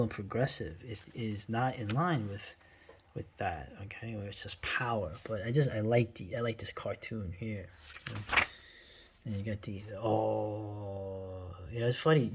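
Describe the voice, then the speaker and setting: This video host, a man in his forties with a New York accent, rambles bluntly about old cartoons in casual commentary, with many asides and tag questions. His voice is lowish, darkish, and slightly rough.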